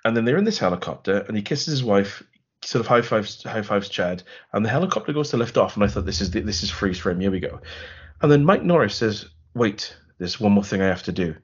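A man's voice: on the low side, animated, fast, slightly rough, lo-fi sound. A man co-hosting a podcast, recapping a film in a wry, rambling, sarcastic way. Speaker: podcast co-host. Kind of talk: casual film review chat.

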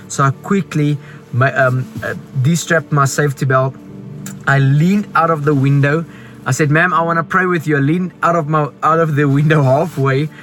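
A man's voice: mid-range voice, a bit bright. A South African man giving an earnest, preachy testimony as a travelling evangelist.

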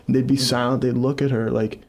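A man's voice: mid-range voice, little pitch movement, a little fast, a little mellow. A young man, a comedian guest on a podcast, telling stories in a rambling way full of fillers. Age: young adult. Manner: rambling storyteller, filler-heavy "like". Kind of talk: casual chat.

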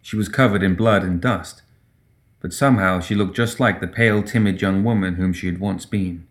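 A man with a low, deep voice reads a dark fantasy tale aloud. His delivery is steady and measured, in plain scripted narration.

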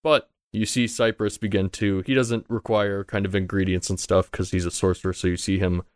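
A man's voice: low-pitched, flat delivery, a little fast, clean tone, no room sound, clean studio sound. A man narrating a tabletop game as game master, in a loose, conversational way and casually swearing.

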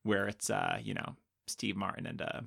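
A man co-hosting a casual movie chat with rapid, rambling explanations. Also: deep voice, fairly even intonation, creaky, fairly bright tone, slightly rough.

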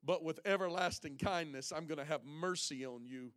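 A man preaching a sermon to his congregation, reading scripture aloud and calling out to the listeners, swinging between loud passages and hushed ones. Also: fairly high pitch, moderate pace. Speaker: pastor.

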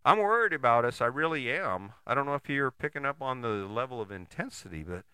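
A man's voice: medium pitch, expressive, fairly quick, bright, forceful tone, clear, resonant tone, no room sound, clean studio sound. A man giving a blunt, profane, emphatic motivational monologue, full of rhetorical questions and restarts.

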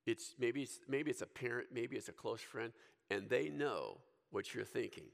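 A man's voice: medium pitch, lively intonation, normal speed, vocal fry, in a large hall. A man preaching a sermon in a casual, conversational way, full of asides and questions to the listeners. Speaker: pastor.

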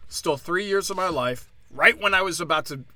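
Over soft background music, a stand-up comedian hosting his own podcast rants alone in a high, sharp voice, brisk and lively in intonation. The monologue is angry, profane and sarcastic, and he mocks others with put-on voices.

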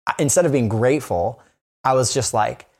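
A man's voice: medium pitch, brisk, gravelly, darkish tone, breathy edge. Rambling, candid podcast man. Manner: rambling, many fillers and restarts. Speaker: podcast co-host. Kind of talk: candid casual chat.

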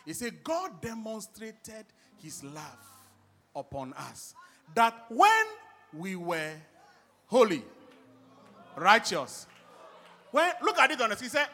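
A man preaching a sermon and leading his congregation in call-and-response shouts. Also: high-pitched, huge pitch swings, slow, long pauses, faint music behind.

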